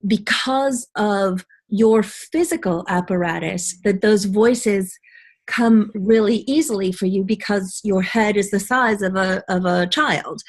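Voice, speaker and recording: A woman hosting a voiceover webinar, chatty and quick to laugh, rushing through stories. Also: mid-range voice. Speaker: host, voiceover coach. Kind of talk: casual webinar Q&A.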